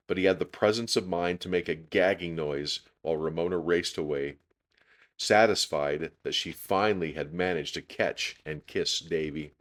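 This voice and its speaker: Storyteller host, low voice, expressive children's read-aloud. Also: male voice.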